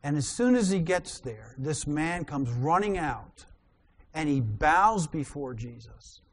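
A man's voice: on the high side, slow, a little hiss or hum. A man preaching a sermon, reading scripture aloud and explaining it, his voice rising on quoted lines. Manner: animated reader, rising loud on quoted lines.

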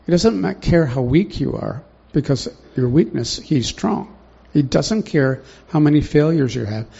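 A man's voice: a little high, lively intonation, a little slow, vocal fry, dark tone, husky. A man preaching a sermon in a conversational way, often putting questions to the congregation, in a dull lo-fi recording.

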